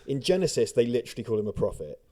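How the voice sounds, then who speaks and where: A man's voice: medium pitch, big pitch swings, rapid-fire, mellow. Sweary man riffing on a film. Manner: sweary, sarcastic, bursts into mocking put-on voices. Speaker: film commentary co-host. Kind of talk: casual film commentary chat.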